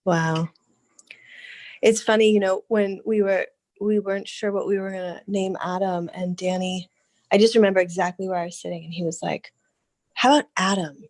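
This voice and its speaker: A woman's voice: mid-range voice, normal speed, no room sound. Chatty woman with a dry close sound. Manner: chatty and animated, laughing often, with restarts. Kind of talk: casual chat.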